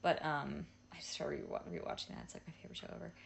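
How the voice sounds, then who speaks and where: Co-host: young American woman, gravelly low voice with lively swings, easygoing banter. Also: rapid-fire, slight background noise. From Washington, D.C. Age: 20s. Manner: chatty, laughs often, fillers like "like". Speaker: podcast co-host. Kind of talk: casual chat.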